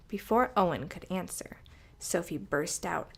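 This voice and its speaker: A woman reading a storybook aloud for toddlers in a gentle, soft-spoken way. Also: medium pitch, unhurried, gravelly.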